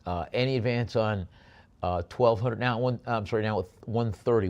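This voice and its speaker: A man running a live auction, rattling off bids quickly and breaking into chatty, filler-heavy descriptions of each lot. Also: fairly low pitch, a little mellow, muffled recording. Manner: rapid bid calling mixed with chatty asides and many fillers.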